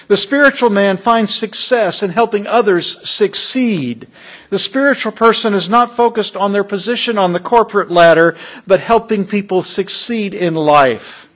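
High-voiced preaching man, emphatic. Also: a bit bright. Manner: emphatic preaching, asks the congregation questions. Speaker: pastor. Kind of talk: sermon.

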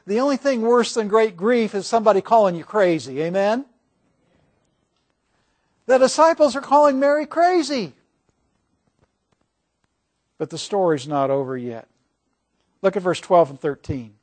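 A man preaching a sermon, animated, asking the congregation questions. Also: high voice, moderate pace, pauses often.

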